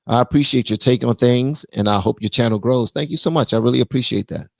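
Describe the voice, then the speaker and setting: Gravelly blunt man streaming. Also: medium pitch, fast, no echo. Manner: blunt, animated, reads super chats aloud. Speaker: live stream host. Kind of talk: casual political commentary live stream.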